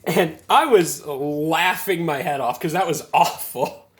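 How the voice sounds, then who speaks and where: A man's voice: a little high, slow pace, slight background noise. A man in his twenties casually telling a story to camera, rambling and self-amused, with lots of fillers. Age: 20s. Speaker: gaming video creator.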